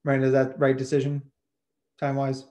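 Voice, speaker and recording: An energetic man presents a webinar over a video call, talking in a casual and enthusiastic way. His voice sits at a middle pitch, and he often repeats words mid-sentence. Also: fast. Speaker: presenter, psychologist.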